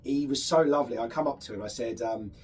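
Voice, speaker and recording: A man's voice: mid-range voice, fast talker, a little mellow, recorded from a distance, slight background noise. Chatty man hosting a radio interview. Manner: chatty, eager storyteller with fillers. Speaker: radio show host. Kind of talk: casual interview chat.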